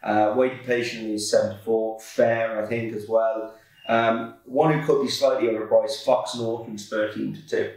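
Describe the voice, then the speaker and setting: Low-voiced man tipping horses. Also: little pitch movement, normal speed, darkish tone. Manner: laid-back, filler-heavy, self-correcting. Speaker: podcast co-host, racing tipster. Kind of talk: casual chat. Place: office. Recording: echoey room, far from mic.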